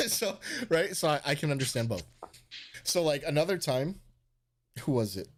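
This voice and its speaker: A man hosting a livestream, telling profane, animated stories and acting out the dialogue. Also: on the high side, moderate pace. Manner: animated, profane, acts out dialogue, laughs often. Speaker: livestream host. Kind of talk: casual storytelling chat.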